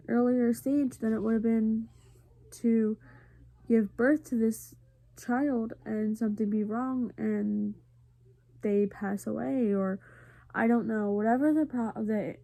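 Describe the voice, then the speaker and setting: Tired, gravelly-voiced woman vlogger, earnest. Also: medium pitch, warm tone. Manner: earnest, confiding. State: tired and congested. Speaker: family vlogger. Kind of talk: casual personal talk to camera.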